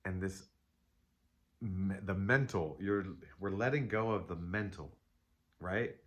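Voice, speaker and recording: Rambling low-voiced man reading tarot. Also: slow pace. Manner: rambling, self-interrupting, playful asides. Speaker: tarot reader. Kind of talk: casual spiritual tarot reading.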